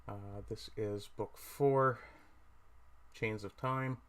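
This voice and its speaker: A middle-aged man from Newfoundland, speaking with a Newfoundland accent, hosts a casual livestream, rambling, correcting himself and chatting with viewers as he browses. His voice is lowish with a steady tone and drawn-out words.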